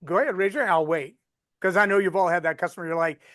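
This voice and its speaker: A man coaching a live webinar on storytelling, folksy and animated as he walks through examples. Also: sits high, fast, no echo, studio quality.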